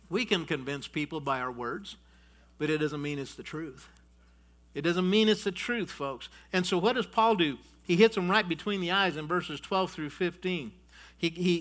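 A man preaching a sermon, emphatic and repetitive, who often calls his listeners folks and swings from loud declarations to quiet asides. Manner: emphatic, repeats key phrases, addresses the congregation as folks; rises loud on declarations, drops low on asides.

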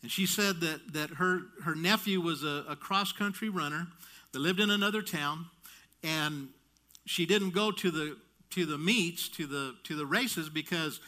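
A man delivering a sermon through a long story, his voice high and bright. He tells it in an animated way, doubling back on his words and slipping in light humor. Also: a little slow. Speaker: preacher.

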